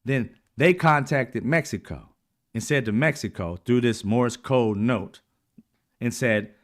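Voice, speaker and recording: Male host, mid-pitched, casual and blunt solo commentary that often clears the throat. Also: takes it slowly. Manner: informal and blunt, with frequent swearing and repeated throat clearing. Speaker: channel host.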